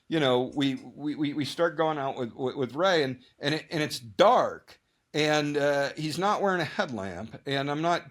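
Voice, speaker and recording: A guest ultrarunner tells stories in a casual interview, rambling and animated with many restarts and repeated words. He speaks at a medium pitch and acts out his own thoughts and other people's lines in different voices.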